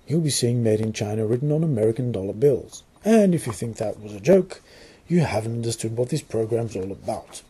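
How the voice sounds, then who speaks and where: A man's voice: mid-range voice, warm tone, slightly rough. A man with an Australian accent playing a sarcastic, mock-formal male Illuminati news anchor in a satirical newscast, putting on a shaky British accent. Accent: put-on British over Australian. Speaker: comedic news presenter.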